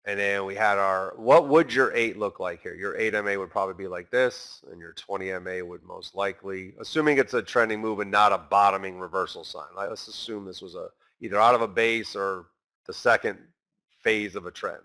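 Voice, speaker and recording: A man's voice: fairly low pitch, sharp tone. A man teaching a trading class in an emphatic way, asking questions and answering them himself. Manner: emphatic, rhetorical, asks and answers his own questions. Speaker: trading instructor.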